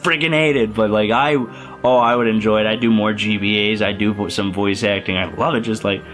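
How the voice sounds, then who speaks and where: A man's voice: on the low side, steady tone, fairly quick, a bit bright, faint music behind. A young man casually reviewing a favorite film in a rambling, enthusiastic vlog, full of fillers and restarts. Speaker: youtuber.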